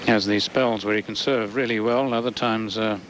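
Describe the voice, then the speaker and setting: A man's voice: on the low side, steady tone, background noise. A man giving thoughtful color commentary on a tennis match, reading the players' movement. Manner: unhurried, thoughtful, analytical. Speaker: tennis analyst. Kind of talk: sports commentary.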